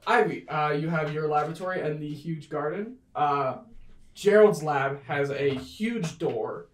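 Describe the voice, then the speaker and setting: Lady game master narrating, kinda low voice, lots of ums, echoey room. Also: measured pace. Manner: relaxed, many fillers.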